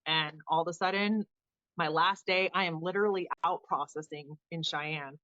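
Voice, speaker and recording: A woman in her thirties, a guest on an interview show, telling her story in a casual, animated way and acting out the people she quotes. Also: sits low, moderate pace, no room sound, dull audio. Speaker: podcast guest, Air Force veteran.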